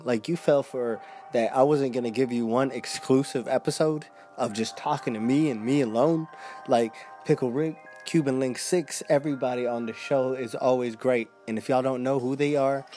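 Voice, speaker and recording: A man's voice: medium pitch, a little mellow. A man hosting a casual solo podcast, rambling and swearing with lots of fillers. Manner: rambling and profane, full of "like" fillers. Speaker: podcast host.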